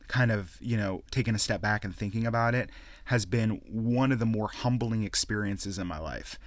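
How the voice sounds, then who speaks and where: Podcast host, young adult man, low voice, profane animated rant, dry close mic. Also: no echo. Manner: profane, ranting, animated storytelling. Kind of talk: casual solo rant.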